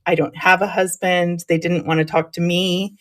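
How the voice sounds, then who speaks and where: A woman's voice: on the low side, flat delivery, moderate pace, a bit bright. A woman chatting with her live viewers, telling stories and laughing often. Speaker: live streamer. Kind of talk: casual chat with live viewers.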